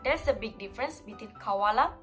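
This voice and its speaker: A woman's voice: on the high side, lively intonation, a little slow, a bit bright, faint music behind. A young woman presenting a scripted pronunciation lesson, explaining word stress and putting questions to the listener. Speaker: student presenter.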